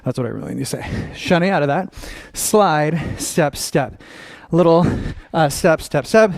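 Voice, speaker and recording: A man's voice: a little high, lively intonation, unhurried, vocal fry, darkish tone, no room sound, studio quality. A young man teaching a dance class, upbeat and encouraging, counting the steps aloud.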